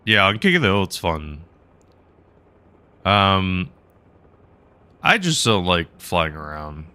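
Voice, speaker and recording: A man's voice: deep voice, sharp tone. A man live-streaming a game, rambling casually and chatting with viewers between laughs. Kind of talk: casual gaming commentary.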